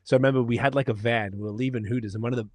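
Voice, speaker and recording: A man's voice: mid-range voice, fairly even intonation, very fast, no echo. A man from Australia co-hosting a podcast, chatting casually over beers and telling stories with laughter and swearing. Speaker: podcast co-host.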